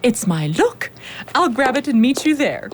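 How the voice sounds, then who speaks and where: A woman's voice: sits high, sing-song, a little slow, a little hiss or hum. An actress playing a pompous, self-important woman who runs a construction company, in a children's radio drama. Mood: bossy. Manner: bossy, self-important, showy. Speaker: company manager.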